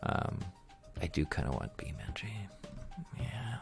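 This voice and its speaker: A man's voice: a bass voice, big pitch swings, unhurried, vocal fry, whispered, music in the background. A male streamer in casual chat, rambling along, reading viewer comments aloud and chuckling often.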